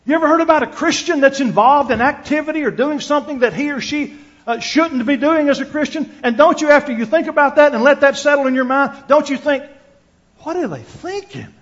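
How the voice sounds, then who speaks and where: A high-voiced male preacher speaks quickly, his tone fairly bright. In his earnest, scripture-reading sermon he repeats words as he thinks and puts questions to the congregation, all through a dull lo-fi recording.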